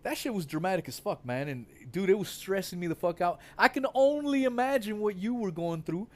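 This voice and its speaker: A man's voice: sits high, lively intonation, fairly quick, darkish tone. A man joining a livestream as a friend, talking in indignant casual chat with lots of swearing and fillers. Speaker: guest on a livestream.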